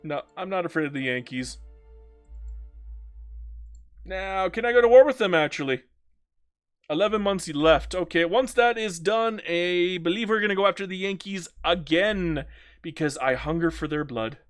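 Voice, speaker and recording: Animated and high-pitched, this strategy game streamer talks at normal speed with long pauses, his voice smooth over soft background music. He jokes casually, reads chat out loud, and does silly mock voices during live gameplay.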